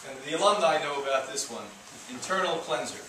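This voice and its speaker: Male health lecturer, animated and wry, caught from a distance in a reverberant room. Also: fairly high pitch, a little fast, noisy background. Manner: animated, joking, mocking asides. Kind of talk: live lecture to an audience. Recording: echoey room, speaker far from mic.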